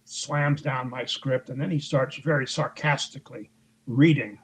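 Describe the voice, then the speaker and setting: A man's voice: mid-range voice, steady tone, a little slow, a little hiss or hum, low-quality recording. A man being interviewed as an author, telling a long story in a conversational way and acting out what others said. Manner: recounts events at length, acting out others' lines in raised voices; frequent fillers and restarts, conversational.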